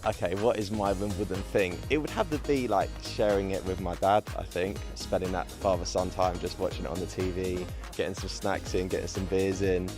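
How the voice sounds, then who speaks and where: A young man from England chatting casually about tennis and family, relaxed and full of fillers. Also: low voice, brisk, hardly any pauses, over music. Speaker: guest interviewee. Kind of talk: casual to-camera chat.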